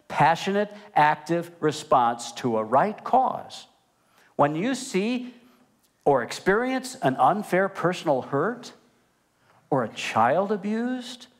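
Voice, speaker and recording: Older guy preaching a sunday sermon, punchy and animated, loud then quiet. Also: a little high. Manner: animated and emphatic, swings between loud and hushed. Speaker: pastor.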